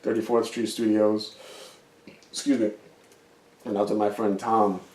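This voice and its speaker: A man's voice: on the low side, flat delivery, moderate pace, darkish tone. A man, co-hosting a podcast, who tells a rambling story full of fillers and swearing. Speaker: podcast co-host. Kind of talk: casual chat. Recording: roomy, distant mic.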